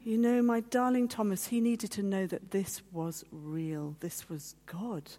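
A woman's voice: medium pitch, steady tone, a little slow, dark tone. A woman giving a heartfelt personal testimony as a guest speaker, telling her story and acting out the voices of others. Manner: heartfelt, at times teary. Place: meeting hall.

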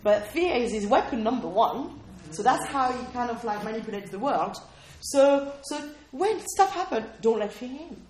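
Woman preacher, high voice, chatty sermon delivery that keeps checking in with the room, roomy echo. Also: sing-song, moderate pace, hardly any pauses, a little mellow, a little hiss or hum. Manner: conversational, keeps checking in with "okay?" and questions to listeners. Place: room with a small responding audience.

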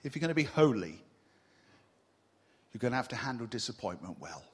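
A male preacher giving a sermon to a congregation in a church, animated and humorous, teasing the room with rhetorical questions. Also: medium pitch, a little fast, breathy edge. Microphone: mic on a stage.

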